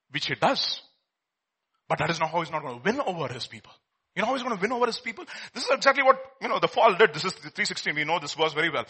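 A man preaching a sermon, telling a film story with swings from hushed to loud. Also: a little high, lively intonation, fast talker, husky. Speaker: pastor.

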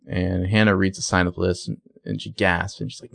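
A man co-hosting a casual podcast, recapping a TV episode and acting out the characters' lines in quick voices. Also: low voice, level tone, creaky, fairly bright tone, no echo. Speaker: podcast co-host.

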